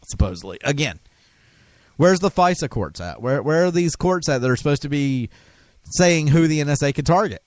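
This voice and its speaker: A man's voice: on the high side, lively intonation, moderate pace, a little mellow, no echo. A man hosting a talk radio show, delivering an impassioned, emphatic monologue with frequent restarts. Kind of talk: conspiracy talk radio rant.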